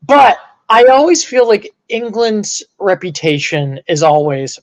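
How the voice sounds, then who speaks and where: A man co-hosting a casual sports podcast, animated and prone to bursts of mock outrage. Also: sits high, a little slow. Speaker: podcast co-host.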